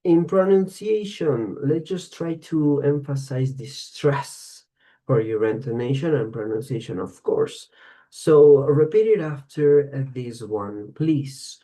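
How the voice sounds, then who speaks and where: A man's voice: mid-range voice, slow, dark tone. A man teaching an online English class, giving praise and repeating words for students to copy.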